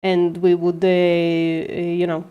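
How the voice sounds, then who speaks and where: On a casual logic livestream, a woman with a low, clear, resonant voice speaks slowly with a completely flat delivery and long pauses. She works through an argument haltingly, correcting herself, swearing lightly, and laughing at herself. The sound is lo-fi.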